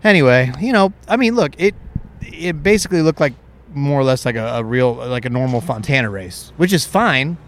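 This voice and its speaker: A man's voice: mid-range voice, animated, fairly quick. A young man hosting a podcast outdoors, chatting casually in a rambling, candid way. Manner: rambling, candid, self-correcting. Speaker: podcast host. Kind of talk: casual chat. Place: outdoors overlooking a racetrack.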